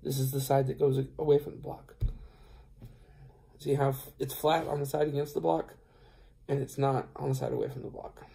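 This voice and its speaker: In a casual vlog, a fatigued trucker meanders through a tale, speaking both parts of the conversation and filling gaps with fillers. His mid-range voice is creaky and dark with a flat delivery; he moves at a normal speed but pauses often.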